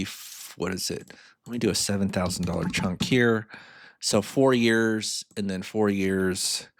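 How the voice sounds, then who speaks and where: A man's voice: on the low side, vocal fry, a bit bright, no echo, studio quality. A man giving a casual screen-share finance lesson, chatty, with playful asides and chuckles. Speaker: financial mentor.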